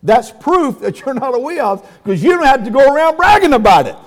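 High-voiced man preaching in a reverberant hall. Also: big pitch swings, brisk. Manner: folksy, emphatic preaching with exclamations. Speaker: pastor. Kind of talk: sermon.

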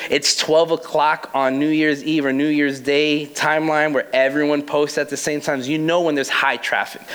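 A man's voice: mid-range voice, fairly bright tone, low-quality recording. A young adult man preaching a casual, playful sermon as pastor, acting out quoted voices with laughs.

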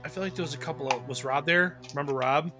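A man's voice: on the high side, quick pace, over music. A man hosting a podcast in casual conversation, chatty and rambling with fillers. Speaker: podcast host.

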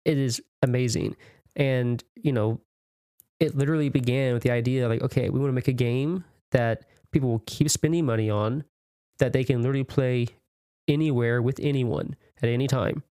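A chatty man on a podcast, rambling through his points with plenty of filler words. His voice is smooth and resonant, recorded close and dry with no room sound. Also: medium pitch, fairly even intonation, moderate pace, warm tone, no echo. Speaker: podcast co-host. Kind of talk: casual chat.

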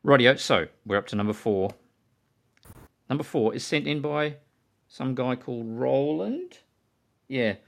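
Casual male podcast host, chatty, lively delivery. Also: mid-range voice, a little slow, gravelly, long pauses. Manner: chatty, quotes films in put-on voices. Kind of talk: casual chat.

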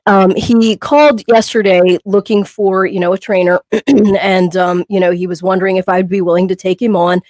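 A woman's voice: medium pitch, fairly even intonation, moderate pace, a little mellow, no echo, low-quality recording. A woman co-hosting a podcast, a personal trainer telling a long, emotional story in a rambling way, full of fillers. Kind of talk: casual podcast chat.

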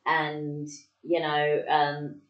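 A woman chats slowly and unhurriedly on a fan podcast, her voice sitting a little low, with plenty of ums and hesitant stops. She sounds distant from the mic, in a room with a strong echo. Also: completely flat delivery, lo-fi sound. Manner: hesitant, many ums, laughs often. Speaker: podcast co-host. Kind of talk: casual chat.

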